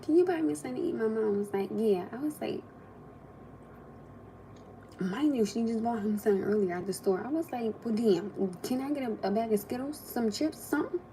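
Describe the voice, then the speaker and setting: A young woman hosting a livestream, telling family stories in a casual, animated way and acting out what people said, with frequent laughs and pauses to eat. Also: on the high side, slight background noise. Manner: animated, acts out quotes, laughs often, eats while talking. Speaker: livestream host.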